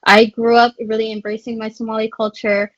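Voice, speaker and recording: A woman's voice: on the high side, little pitch movement, a little fast, no echo, muffled recording. A woman co-host responding enthusiastically and affirmingly in a casual interview.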